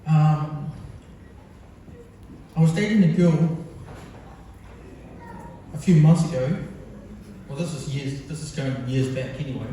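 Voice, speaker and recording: A man gives a speech to his mother, wandering through a funny story with plenty of ums. His voice sits a little high and sounds mellow. The recording catches him from a distance in a big hall that rings with echo. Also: slow pace, pauses often, a little hiss or hum. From New Zealand. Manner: rambling, humorous storytelling with many fillers. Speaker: son giving a birthday speech. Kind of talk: speech to a gathering. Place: large function hall. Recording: echoey hall, captured from far off.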